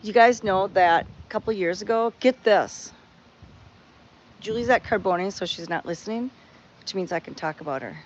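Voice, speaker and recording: A woman's voice: mid-range voice, normal speed, highs cut off. A woman chatting to her viewers outdoors at a cat sanctuary, telling a rambling story with frequent restarts.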